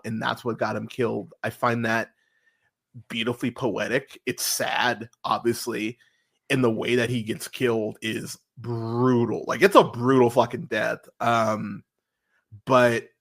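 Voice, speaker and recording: Excitable swearing man on a podcast. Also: mid-range voice. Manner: animated, swears freely, lots of fillers and restarts. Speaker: podcast host. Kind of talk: casual podcast review chat.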